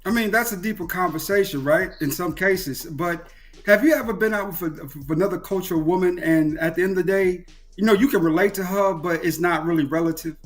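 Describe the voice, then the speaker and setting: A man with a notably high voice chats on a live stream. He talks in a reflective, preachy way. Faint music sits in the background. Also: fairly quick. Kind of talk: casual live-stream chat.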